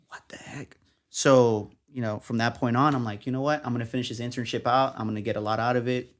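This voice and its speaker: A young man from Texas, a journalist guest, telling his story in a casual interview and acting out what people said to him. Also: mid-range voice. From San Antonio, Texas. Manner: animated, acts out quotes of others.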